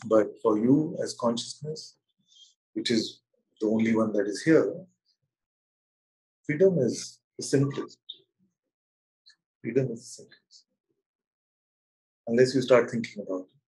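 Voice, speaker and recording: A man leading a spiritual satsang over an online call, speaking gently and slowly with frequent laughter. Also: medium pitch, rough recording. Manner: gentle, slow and playful, laughs often. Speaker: spiritual teacher. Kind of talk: satsang talk. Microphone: video call.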